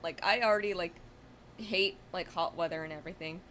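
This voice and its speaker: Young woman streamer, lowish voice, rambling live-stream chat with faint room hiss behind. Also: brisk, fairly bright tone. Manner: rambling, chatty, lots of fillers and self-corrections. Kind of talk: casual storytelling chat.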